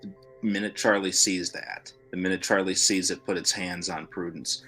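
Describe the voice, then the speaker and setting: A man's voice: low-pitched, steady tone, normal speed, bright, forceful tone, breathy edge, faint music behind. A man playing a tabletop game, thoughtfully explaining his character's actions and the rules. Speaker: player.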